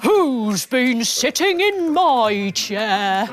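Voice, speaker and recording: Big father bear, gruff and booming; woman doing the voice. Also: big pitch swings, drawn-out words, soft background music, full character voice.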